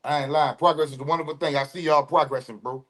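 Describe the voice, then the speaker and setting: A man's voice: a little high, fairly even intonation, fast talker, fairly bright tone. A man co-hosting a casual livestream podcast, blunt and profane, slipping into preachy asides. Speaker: podcast co-host.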